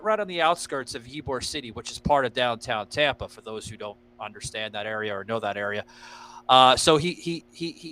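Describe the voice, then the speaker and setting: A podcast host, a man with a fairly high, bright and forceful voice. He rambles through his stories with excitable energy, cursing freely as he goes. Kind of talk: casual podcast chat.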